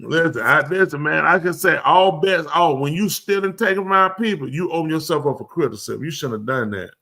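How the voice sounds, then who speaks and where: This comedic talk show host has a high-ish, sharp, expressive voice and talks fairly quickly. Riffing loosely at his live comedy show, he plays both parties in a slang-filled conversation for the crowd.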